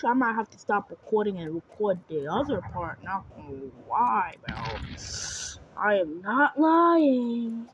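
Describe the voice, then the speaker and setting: A young woman recording herself playing a game, talking to viewers and shouting and screaming as she plays. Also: mid-range voice, very animated, measured pace, highs cut off. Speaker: gaming video creator. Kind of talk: live gameplay commentary. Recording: faint background noise.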